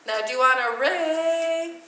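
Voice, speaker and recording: A woman's voice: sits high, unhurried, sharp tone. Woman teacher singing solfege in echoey room. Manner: sings note names to demonstrate, quizzes class. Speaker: music teacher. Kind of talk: classroom lesson with sung solfege. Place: classroom. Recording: echoey classroom from far off, noisy.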